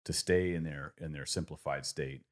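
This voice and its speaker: Man, 30s, extremely low voice, reflective storyteller with lots of ums. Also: steady tone, moderate pace. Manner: reflective, rambling storytelling with many fillers. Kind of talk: casual conversation.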